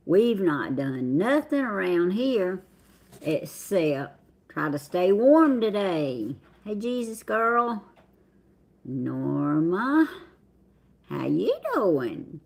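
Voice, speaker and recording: Speaking very slowly with long pauses, she has a fairly low, darkish voice touched by vocal fry, yet she sounds very animated. She's a middle-aged Southern American livestream host casually chatting and drawling out viewers' names as she greets them.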